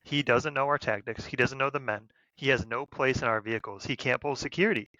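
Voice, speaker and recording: A man's voice: medium pitch, fairly quick, bright, forceful tone, dry recording, dull audio. A man in a casual podcast chat, blunt and emphatic about combat.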